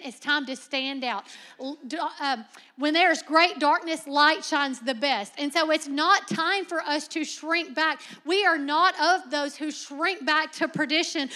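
A young woman preaching a lively, humorous sermon, moving between soft low asides and loud emphatic lines, with frequent laughter. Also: a little slow. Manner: laughs often.

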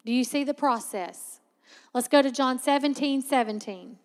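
In a large hall, a woman with a high voice preaches as a Bible teacher. She keeps it conversational but emphatic, sharply slowing her pace to underline key words.

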